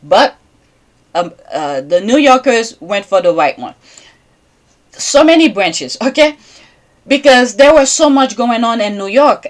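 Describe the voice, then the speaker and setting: A woman's voice: fairly high pitch, expressive, measured pace, long pauses. A woman hosting a podcast, talking in a rambling casual monologue and checking in with listeners by asking "okay?" again and again. English is not her first language. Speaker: podcast host.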